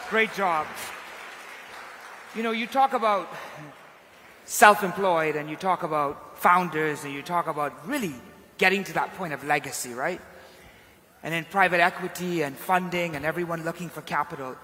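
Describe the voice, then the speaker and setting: A man's voice: a little high, normal speed, pauses often, sharp tone, a little hiss or hum. A man hosting an event and interviewing a speaker on stage, enthusiastic and prompting. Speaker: event host. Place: large ballroom. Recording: long hall reverb.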